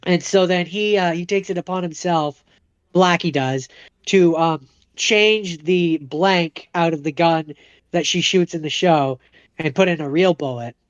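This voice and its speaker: Man, podcast co-host, casual plot recap with little character bits, smooth voice, dry lo-fi sound. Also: a little high, no echo. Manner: animated retelling, acting out characters in quick impressions. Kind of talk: casual chat, retelling a movie plot.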